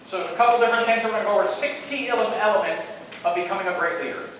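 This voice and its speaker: Keynote speaker, man, middle-aged, high-pitched, playful joker, distant mic in a reverberant hall. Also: rapid-fire, a little hiss or hum. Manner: animated, playful, joking with the audience. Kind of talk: storytelling conference presentation. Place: large conference hall. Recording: echoey hall, picked up from afar.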